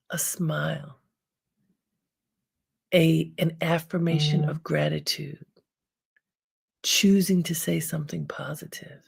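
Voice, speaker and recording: A woman hosting an inspirational self-help talk, giving calm, unhurried advice with frequent pauses. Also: low voice, creaky, breathy edge. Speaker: host.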